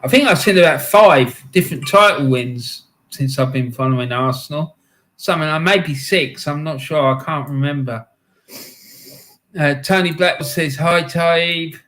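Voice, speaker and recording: Man, middle-aged, livestream host, angry swearing rant, shouting, high voice. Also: unhurried. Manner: angry ranting with heavy swearing. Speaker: live stream host. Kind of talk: live match-day stream, reading chat.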